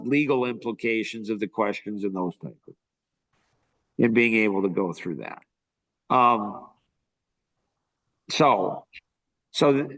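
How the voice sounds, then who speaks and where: A man talks through recruiting tips on a podcast, recorded dry and close with no room sound. He coaches in a relaxed, conversational way. He restates his ideas in several forms before moving on. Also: medium pitch, no echo, rough recording. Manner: conversational coaching, repeats and rephrases points. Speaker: recruiting trainer. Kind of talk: instructional podcast talk.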